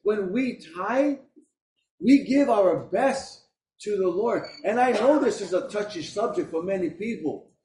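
A man's voice: sits high, expressive, unhurried, darkish tone. A middle-aged man preaching a sermon as pastor, talking in an emphatic, conversational way. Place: church. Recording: echoey room, voice from a distance.

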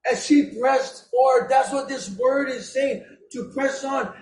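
A man preaching an impassioned, emotional sermon, raising his voice to a shout at its peaks. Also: extremely high pitch, unhurried, hardly any pauses. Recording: roomy echo.

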